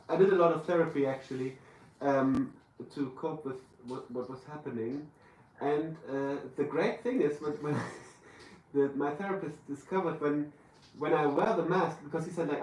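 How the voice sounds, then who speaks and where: Halting German-accented man on stage. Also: fairly high pitch, a little mellow. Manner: halting, searching for words. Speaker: guest. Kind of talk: live podcast interview. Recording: roomy live venue, distant mic, faint room noise.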